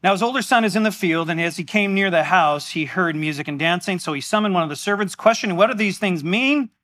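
A man preaching a sermon in a church, animated and exclamatory in a conversational way. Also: sits high, quick pace. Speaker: pastor.

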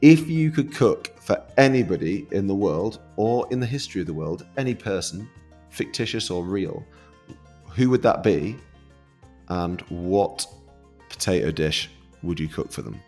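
Male chef-host with a deep voice who walks through recipes step by step in easygoing chat. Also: expressive, measured pace, darkish tone, soft background music. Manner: easygoing, explains dishes step by step. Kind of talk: casual interview chat.

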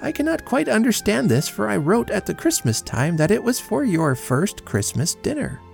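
Brief: rich, touchy elderly aunt, prim and hurt, pitched high, played by a man. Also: sing-song, normal speed, vocal fry, soft background music, heavily acted. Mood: reproachful. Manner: prim, injured letter-writing tone. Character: wealthy eccentric old aunt, easily offended.

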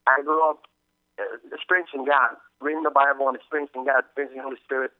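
A man from the Dominican Republic, a guest telling his story with many halting restarts over the phone. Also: mid-range voice, flat delivery, dry recording. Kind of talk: casual testimony over the phone. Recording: tinny phone line, dry.

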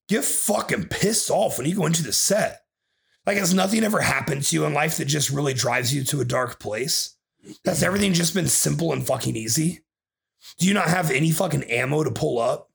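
A man's voice: fairly high pitch, creaky. A man hosting a podcast as a bodybuilding coach, ranting in an aggressive, profane way and swearing constantly.

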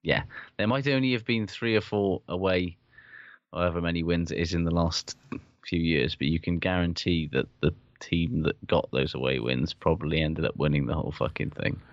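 A man with a very deep voice trades opinions on sport in a blunt, cursing, no-nonsense way. The recording is dull and lo-fi, with a dry, close sound. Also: normal speed, dry recording. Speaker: podcast co-host. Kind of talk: casual sports chat.

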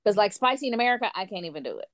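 A woman telling a long story in an animated, casual way, and she acts out other people's lines in playful voices. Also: medium pitch, rapid-fire, a crowd in the background. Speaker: guest storyteller. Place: lives in France.

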